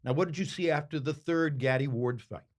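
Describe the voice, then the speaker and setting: An older man, a boxing commentator, answering interview questions with slow, reflective storytelling and emphatic pauses. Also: fairly high pitch.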